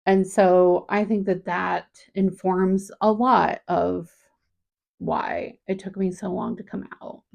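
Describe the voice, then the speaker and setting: A woman in her thirties talking candidly in a personal vlog, reflective and halting, often restarting her sentences. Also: lowish voice, fairly even intonation, vocal fry, darkish tone. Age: 30s. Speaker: vlogger.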